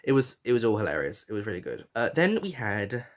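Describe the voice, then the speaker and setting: This podcast host talks fast with a fairly low voice that swings widely in pitch as he reviews a reality show. His casual chat is frank and sweary, dotted with fillers and restarts.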